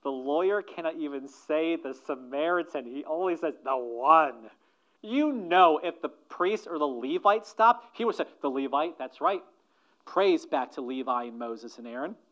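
Emphatic male preacher with loud-to-hushed swings. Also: a little high, lively intonation. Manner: slows down to stress key phrases. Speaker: pastor. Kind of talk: sermon. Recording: dull, muffled sermon recording.

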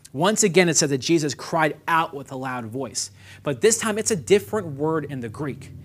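A man preaching an expository sermon, reading verses and swinging from quiet explanation to loud, dramatic emphasis. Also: on the high side. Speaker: pastor.

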